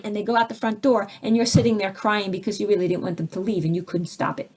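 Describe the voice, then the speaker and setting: A woman leading a live spiritual teaching session, taking audience questions and acting out the voices of people she describes with big jumps in pitch. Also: quick pace, few pauses, a little mellow, slightly rough. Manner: takes audience questions, conversational asides.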